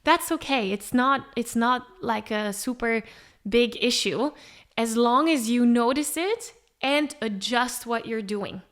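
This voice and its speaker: A woman vocal coach giving a podcast lesson to singers, lively and acting out a singer's thoughts aloud. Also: fairly high pitch, slow pace. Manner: animated, acts out a singer thinking aloud. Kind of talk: podcast teaching monologue.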